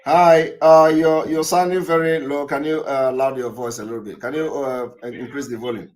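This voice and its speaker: A man's voice: mid-range voice, steady tone, normal speed, a little mellow. A man hosting a live call-in broadcast, emphatic and repetitive, with many fillers. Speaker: broadcast host taking callers.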